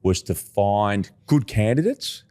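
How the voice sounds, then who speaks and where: A middle-aged Australian man, a recruitment agency founder, telling animated stories as a podcast guest, slowing down to stress key points. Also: lowish voice. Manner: animated storyteller, emphatic, slows down for key points. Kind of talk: podcast interview.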